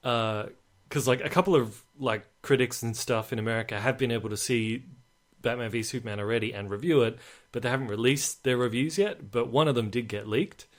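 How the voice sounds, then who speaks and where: A man's voice: medium pitch, a little fast. Chatty man talking movies. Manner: chatty, animated, mocking. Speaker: podcast co-host. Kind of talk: casual film chat.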